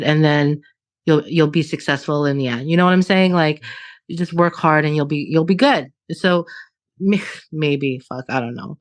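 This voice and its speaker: Candid, swearing woman in her late thirties. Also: deep voice. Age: 30s. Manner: candid, swears a lot, animated and laughing. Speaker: podcast co-host. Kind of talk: casual conversation.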